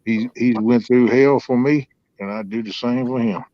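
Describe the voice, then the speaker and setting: A man's voice: medium pitch, steady tone, normal speed, dry recording. Man in his fifties, folksy and drawling, dull dry lo-fi sound. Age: 50s. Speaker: host. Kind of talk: casual storytelling chat.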